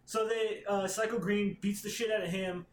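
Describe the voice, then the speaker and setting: Guy with a kinda high voice rambling and swearing thru a story recap, roomy echoey room. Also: fairly even intonation, normal speed, a little hiss or hum. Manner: rambling, profane, acts out characters' lines. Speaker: podcast co-host. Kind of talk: casual chat, recapping a comic plot. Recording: roomy echo.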